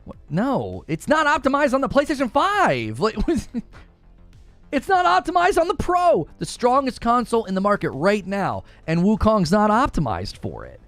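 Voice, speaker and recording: A man's voice: sits high, wildly swooping pitch, measured pace, fairly bright tone, no echo, soft background music. A man co-hosting a gaming news show, ranting in an exasperated, sarcastic way. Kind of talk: heated gaming podcast rant.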